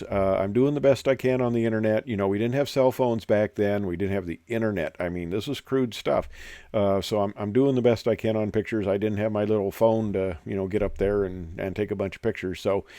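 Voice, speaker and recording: An older man with a low voice tells career stories in a loose, rambling way. He drifts off topic, uses lots of fillers and doubles back. The sound is dry and close, with no room echo. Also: mellow. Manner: rambling, many fillers and digressions. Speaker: retired airline captain telling stories. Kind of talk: casual storytelling.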